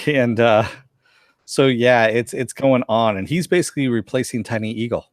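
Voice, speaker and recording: A man's voice: mid-range voice, normal speed, no room sound, clean studio sound. A man casually recapping a cartoon episode with a co-host, now and then acting out the characters' lines.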